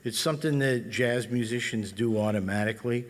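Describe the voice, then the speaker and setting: A middle-aged man leading a band and explaining jazz phrasing in a relaxed, talky way, scatting rhythms aloud. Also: mid-range voice, a little fast, in a large hall. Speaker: bandleader and guitar teacher. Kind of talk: explaining music in a clinic.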